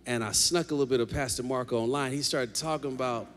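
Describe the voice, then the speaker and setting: A man preaching a lively sermon as pastor, joking with the congregation in a large church. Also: medium pitch, fast talker, a little hiss or hum. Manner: animated preaching, jokes with the congregation. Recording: long hall reverb.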